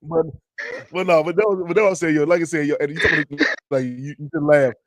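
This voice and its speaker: A man hosting a casual podcast chat over a remote call, telling stories in an animated, profane way and laughing loudly. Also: a little high, fast talker, dry recording. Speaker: podcast host. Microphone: remote streaming call.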